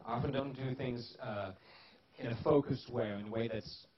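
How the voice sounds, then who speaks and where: Male seminar speaker, mid-pitched, loose and rambling with frequent restarts, slightly dull recording. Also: normal speed. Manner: rambling, many restarts and fillers. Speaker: seminar presenter. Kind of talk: live seminar talk.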